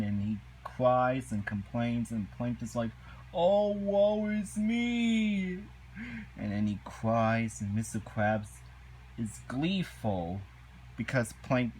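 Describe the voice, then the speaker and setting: A man ranting through a casual episode review at an unhurried, plodding pace. He stops and restarts often, piling on "and then" between indignant complaints, in a voice of ordinary pitch. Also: a little hiss or hum, poor audio. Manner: halting, repetitive, indignant.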